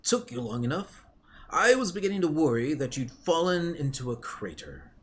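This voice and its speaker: A man's voice: fairly high pitch, sing-song, normal speed, voice pushed up. A man voicing a polite male ally with a dry, mildly teasing manner.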